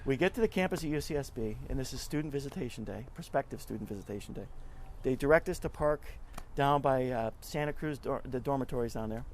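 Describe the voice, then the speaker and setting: A man's voice: mid-range voice, fast talker, few pauses. Middle-aged guy telling stories in an interview, acts out the quotes, bit of hiss behind him. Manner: chatty, animated storyteller who acts out quotes. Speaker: interview guest, nonprofit club leader. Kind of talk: casual storytelling interview.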